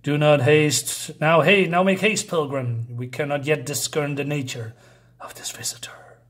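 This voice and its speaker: A man voicing sinister, commanding spirit masters in a hushed, menacing whisper while reading a comic aloud. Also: fairly high pitch, steady tone, unhurried.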